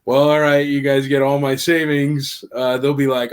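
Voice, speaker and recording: Man guest on a chat podcast, chatty storyteller who slips into voices for the people he quotes; mid-pitched, conversational. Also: moderate pace, smooth. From Nashville area. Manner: animated storyteller, acts out quoted dialogue.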